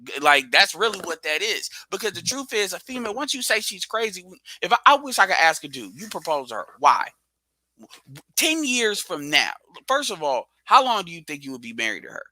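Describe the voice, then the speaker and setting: A man with a fairly high, very bright and forceful voice, sharing blunt, slangy opinions in a casual reaction chat. The sound is dry and close, with no room around him. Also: big pitch swings, brisk, no echo, low-quality recording.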